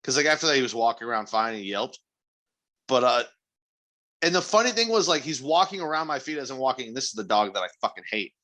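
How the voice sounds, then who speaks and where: A man's voice: medium pitch, sing-song, fast talker, sharp tone. A man co-hosting a podcast in casual chat, blunt and given to crude jokes. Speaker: podcast co-host.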